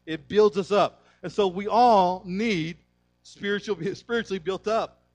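A male pastor preaching a sermon, emphatic and energetic, calling on the congregation to respond. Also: high-pitched, a little slow. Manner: conversational storytelling.

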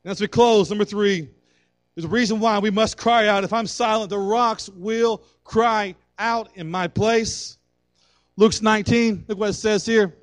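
A man preaching a fervent sermon as pastor, building to loud calls for prayer. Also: high voice, no room sound.

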